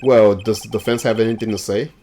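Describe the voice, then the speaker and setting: A man's voice: lowish voice, fairly even intonation, a little fast, warm tone, slight background noise, close to an everyday voice. A man voicing a stern male judge in a game playthrough, commanding order.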